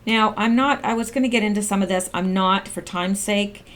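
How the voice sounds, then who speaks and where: A middle-aged woman talks through documents in a casual commentary, breaking off to react with sarcastic "wow"s and asides. Her pitch sits in an ordinary middle range for a woman, and she often stretches out key words. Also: moderate pace. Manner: sarcastic, exclaims and reacts while reading figures. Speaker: political commentary vlogger.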